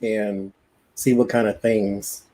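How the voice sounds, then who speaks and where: A man's voice: on the low side, flat delivery, slow, warm tone, low-quality recording. A man with a Southern country accent chatting casually on a livestream, rambling, interrupting himself and laughing often. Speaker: co-host.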